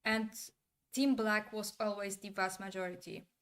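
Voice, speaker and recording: A woman talks to her stream chat in a loose, casual way, and her voice sits at a middling pitch. She is opinionated and blunt and drops in the occasional swear word. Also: flat delivery, normal speed, a bit bright. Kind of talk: casual livestream commentary.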